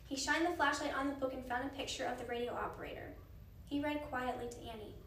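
A woman reading a children's book aloud in a gentle, expressive way. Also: high-pitched, fast, echoey room, recorded from a distance, a little hiss or hum. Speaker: reader.

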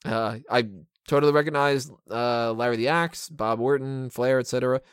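A man's voice: medium pitch, moderate pace, smooth, no room sound. Man, wrestling show review, casual commentary, sarcastic, swears, dry close sound. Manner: opinionated, sarcastic, swears freely.

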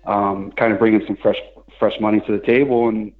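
A man's voice: lowish voice, level tone, fairly quick. A man calling in as a guest on a phone line, hedging with fillers and repeating phrases. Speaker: guest, soccer site runner. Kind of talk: phone interview. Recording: tinny phone line, faint music.

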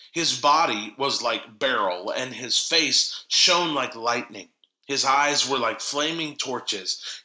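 A man delivers an earnest, emphatic sermon in a very bright, slightly high voice. The sound carries a roomy echo around him. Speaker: preacher.

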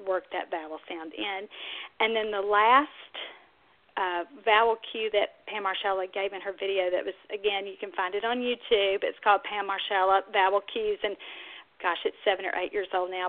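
Woman teaching with tinny phone-like sound. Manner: explains steadily, then bursts into high sing-song demonstration sounds. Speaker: speech-language pathologist host. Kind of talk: instructional podcast talk.

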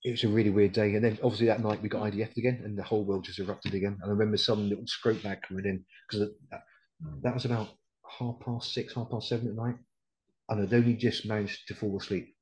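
A middle-aged man from the UK, a decorated RAF Regiment veteran guesting on a podcast, talks fast in a low, slightly mellow voice with a flat delivery. He tells his story bluntly in a casual interview, swearing a lot and quoting others, on a low-quality recording.

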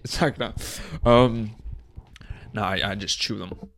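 This young man's medium-pitched, a-bit-bright voice is very animated yet a little slow as he hosts his own podcast on a small indoor set. His casual solo monologue is crude, jokey and rambling, punctuated by mock outrage.

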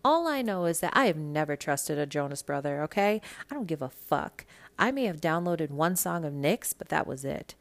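A woman's voice: sits low, big pitch swings, moderate pace. A woman from Minnesota hosting a podcast, chatting about celebrity gossip in a blunt, sassy way and swearing freely. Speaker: podcast host. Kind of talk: casual celebrity gossip monologue.

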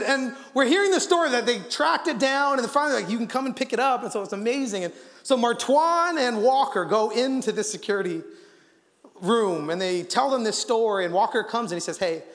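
Man, high voice, sermon, animated storytelling, filler words, long hall reverb. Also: a little fast. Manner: animated storyteller, acts out quotes, frequent fillers. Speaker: guest preacher. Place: church auditorium.

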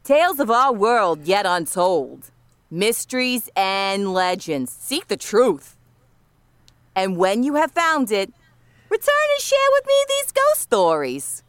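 A woman putting on a New Orleans yat accent as a brash local woman with a loud, drawling delivery. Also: mid-range voice, big pitch swings, slow pace, smooth, no echo, pitched above the performer's own voice. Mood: dramatic.

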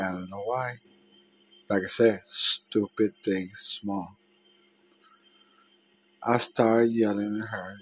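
A man talks through his own past in a husky voice. He speaks slowly and pitches a little low, breaking off and restarting as he goes. His halting, emotional delivery makes it sound like a confession. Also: no room sound, rough recording. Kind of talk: personal confessional storytelling.

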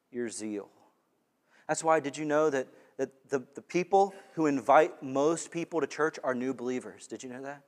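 A man preaching a sermon as pastor, conversational and animated, often repeating words as he goes. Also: mid-range voice, big-room sound.

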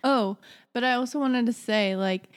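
A woman's voice: on the high side, normal speed, clear, resonant tone, in a large hall. A young woman co-hosting an advice podcast, rambling casually with many restarts. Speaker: podcast co-host. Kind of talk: casual chat.

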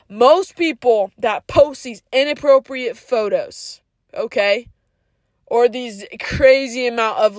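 A woman's voice: fairly high pitch, no room sound, studio quality. A woman hosting a podcast, giving a casual but earnest, preachy monologue full of "like" and slang such as "yo" and "bro". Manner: frequent "like" fillers. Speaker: podcast host.

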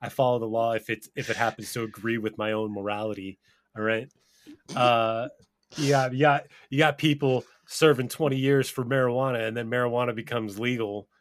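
A man's voice: medium pitch, steady tone, brisk. A man in a casual podcast chat with a mid-range voice. He argues heatedly and swears constantly, and he keeps breaking into laughter while he rants. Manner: profane, argumentative, laughs often. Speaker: podcast co-host.

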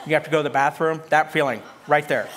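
High-voiced man preaching a sermon. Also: steady tone, fast talker, a bit bright, a little hiss or hum. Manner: conversational preaching with humorous asides to the congregation. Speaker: pastor.

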